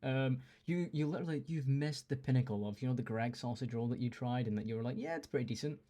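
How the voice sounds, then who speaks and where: A man hosting a casual chat, teasing his guest with quick jokes and frequent laughs. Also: mid-range voice, fairly even intonation, mellow. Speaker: podcast host.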